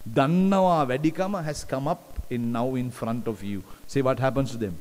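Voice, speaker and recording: A man delivers a sermon, repeating phrases and pressing the congregation with questions. His mid-pitched voice carries a long reverb from a large hall. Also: normal speed, darkish tone. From Sri Lanka. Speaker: preacher.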